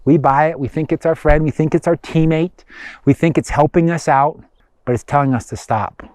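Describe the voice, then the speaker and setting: A man's voice: on the high side, normal speed, darkish tone, no echo. A man giving a conversational motivational self-help talk, emphatic and repetitive. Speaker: motivational speaker.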